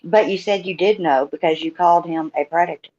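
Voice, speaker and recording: A woman's voice: lowish voice, brisk, mellow. Woman with a pointed, challenging tone, dull audio. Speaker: panel questioner. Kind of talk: confrontational questioning.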